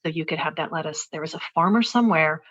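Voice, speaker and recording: Woman in her forties, podcast guest, earnest, reflective, lowish voice, dull lo-fi sound. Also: quick pace, a bit bright. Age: 40s. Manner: earnest, reflective, with many restarts and fillers. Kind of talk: personal story told in conversation.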